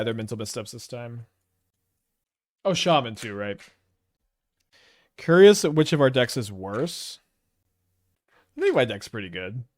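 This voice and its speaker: A man with a Canadian accent giving casual, rambling game commentary, thinking aloud with hesitant restarts. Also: mid-range voice. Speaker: gameplay commentator.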